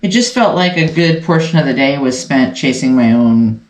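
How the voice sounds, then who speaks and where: A woman's voice: a bass voice, expressive, moderate pace, darkish tone. A woman hosting a casual sew-along, chatting and thinking aloud as she works at her sewing machine. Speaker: sewing channel host. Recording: roomy echo, faint noise.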